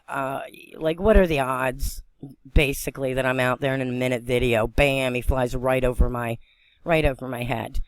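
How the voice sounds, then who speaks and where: A woman from western Pennsylvania vlogging on a phone, excitable and rambling as she talks, often breaking into laughter. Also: extremely low pitch, no room sound. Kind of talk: excited spiritual vlog narration.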